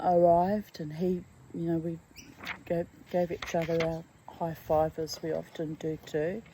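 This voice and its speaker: The recording is rough with slight background noise, carrying a middle-aged woman's lowish, warm voice. A vlogger, she talks emotionally and candidly, wandering from topic to topic in a chatty personal monologue and lowering to a whisper on certain asides.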